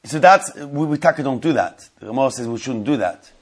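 A man's voice: mid-range voice, expressive, brisk. A man teaching a religious law class to a live group, repeating key points and putting questions to his listeners.

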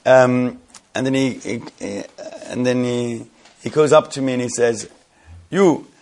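A man's voice: medium pitch, fairly even intonation, unhurried, darkish tone. A man from the London area telling a rambling, amused anecdote to friends. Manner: rambling, amused, often breaking into laughter. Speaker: storyteller. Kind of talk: casual anecdote told to friends.

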